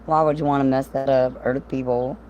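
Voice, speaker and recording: A woman rambles through a casual livestream, profane and amused. Her voice sits low. A faint hiss runs underneath. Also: flat delivery, fairly quick, mellow, low-quality recording. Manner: rambling, profane, laughs often.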